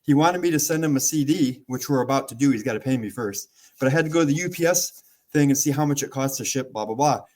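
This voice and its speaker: A man's voice: medium pitch, fast, darkish tone. A man hosting a casual chat, telling anecdotes and laughing often between them. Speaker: podcast host.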